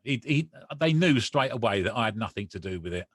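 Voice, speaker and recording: This man, a guest on a podcast, recounts something personal with feeling and animation, quoting and performing the conversations as he remembers them. His voice is on the low side, brisk, and slightly rough, recorded at studio quality without echo.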